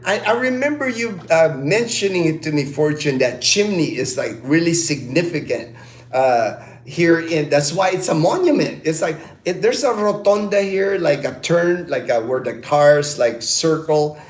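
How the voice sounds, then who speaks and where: Animated man chatting on a livestream. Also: on the high side, moderate pace, roomy sound. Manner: animated storytelling, laughs often, reads chat names aloud. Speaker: livestream host. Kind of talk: casual livestream chat.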